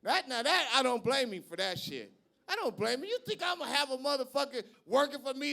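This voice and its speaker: A male stand-up comedian performing live on a club stage, brash and profane, shouting his punchlines. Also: very high-pitched, expressive, a little fast, gravelly.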